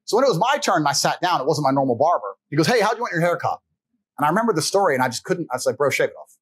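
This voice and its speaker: A man's voice: on the high side, rapid-fire, breathy edge, no echo, low-quality recording. A man telling a personal story in casual conversation, blunt and profane, acting out the people he quotes. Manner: blunt, profane, animated retelling with voiced quotes. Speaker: guest.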